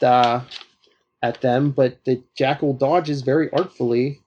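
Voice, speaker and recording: Podcast host: a man with a warm, relaxed voice, chatty and meandering as he recaps a plot. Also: mid-range voice, unhurried, slight background noise. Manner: rambling with frequent uh fillers. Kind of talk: casual chat recapping a comic.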